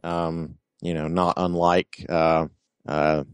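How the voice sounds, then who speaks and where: Low-voiced man explaining haltingly. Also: little pitch movement, clean tone, no room sound. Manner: halting, lots of ums and uhs while explaining. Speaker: podcast co-host. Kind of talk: casual chat.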